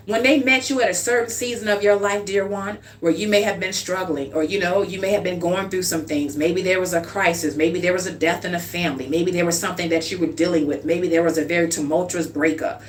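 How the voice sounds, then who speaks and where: A woman's voice: lowish voice, a little fast, few pauses. A woman giving a livestream tarot reading in a chatty, informal way, often checking in with "okay?" and calling the listener "dear one". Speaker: tarot card reader. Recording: slightly distant mic with faint hum.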